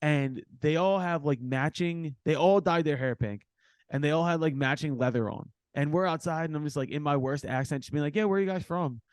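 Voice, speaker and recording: A man from Philadelphia hosts a casual backstage interview. He talks loosely, full of fillers and the odd curse. His voice sits fairly high and sounds dry and close. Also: fairly quick, smooth, no echo. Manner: loose, swearing, many fillers. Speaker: podcast host. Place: backstage studio.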